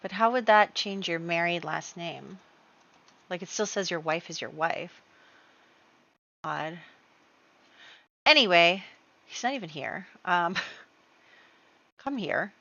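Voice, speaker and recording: A woman's voice: lowish voice, animated, slow, creaky, pauses often, sharp tone. A woman giving casual, chatty, rambling commentary over her game play. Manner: chatty, rambling, many fillers. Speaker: gaming video creator. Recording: dull lo-fi dry recording.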